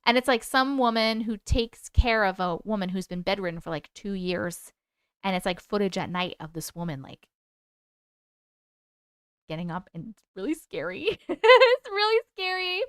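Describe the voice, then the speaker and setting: Giggly and talkative, a livestream host rambles, hops between subjects, and reads her viewers' comments aloud. She speaks at a moderate pace in a clear, resonant mid-range voice with lively intonation. The sound is clean studio audio with no echo.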